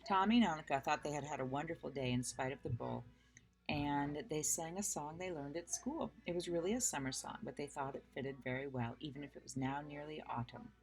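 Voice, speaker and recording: Woman reading a children's story, lower voice. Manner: unhurried, friendly storytelling with casual asides. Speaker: reader. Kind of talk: reading aloud a children's book.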